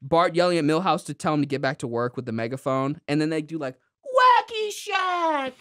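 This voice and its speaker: A woman's voice: deep voice, steady tone, fast talker, no echo, clean studio sound. A woman co-hosting a podcast, recapping a cartoon episode in casual chat and acting out character lines with put-on voices. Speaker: podcast co-host.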